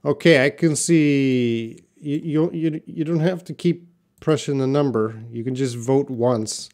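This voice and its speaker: Slow-talking man teaching pronunciation. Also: medium pitch, a little mellow. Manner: slow, drawn-out example words, casual asides to viewers. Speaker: English teacher. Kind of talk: live online pronunciation lesson.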